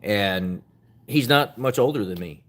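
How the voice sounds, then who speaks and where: A man's voice: on the low side, animated, a little slow, fairly bright tone. A man hosting a casual opinion talk show, earnestly urging listeners with repeated phrases and getting openly emotional at times. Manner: earnest, repetitive motivational urging; openly emotional, laughs at himself. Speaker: podcast host.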